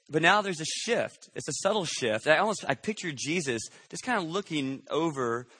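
Male pastor, bright and forceful tone, dry close sound; chatty sermon delivery with rhetorical check-ins. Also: mid-range voice, no room sound. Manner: conversational, checks in with rhetorical questions.

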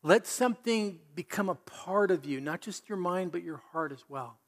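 A man preaching a sermon in an animated, conversational way, full of rhetorical questions. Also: high-pitched, moderate pace. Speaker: pastor.

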